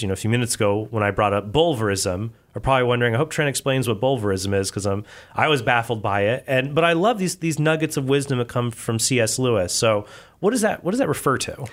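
A man hosting a podcast, chatting casually with a guest and joking in quick asides. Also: medium pitch, expressive, a bit bright. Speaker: podcast host. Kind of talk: casual interview chat.

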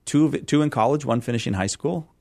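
A man's voice: mid-range voice, quick pace, vocal fry, a little mellow, no room sound, studio quality. A middle-aged man from California, a radio guest who talks in a rambling, self-deprecating way and laughs easily. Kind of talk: casual interview chat.

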